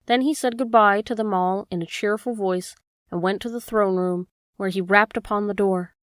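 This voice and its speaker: A woman reads a classic children's book aloud at a steady, measured pace. Her voice sits mid-pitch and sounds close and dry, with no room echo. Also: smooth. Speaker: audiobook reader. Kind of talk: storybook narration.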